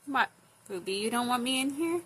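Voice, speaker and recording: A woman's voice: on the high side, lively intonation, brisk, fairly bright tone, slightly rough. A woman talking baby talk to her pet birds, cooing and asking sing-song questions indoors by their cage. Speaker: pet owner.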